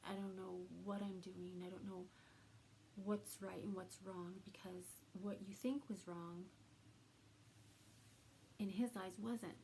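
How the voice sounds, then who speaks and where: A woman vlogger telling a personal story to the camera, soft-spoken and halting, with trailing pauses. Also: medium pitch, steady tone, slight background noise, rough recording.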